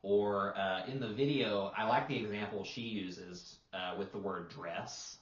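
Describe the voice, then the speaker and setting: A man's voice: lowish voice, steady tone, a little slow, distant mic. A man, a language teacher co-hosting a podcast, explaining patiently in casual talk, demonstrating sounds and using plenty of fillers. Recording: roomy, dull lo-fi sound.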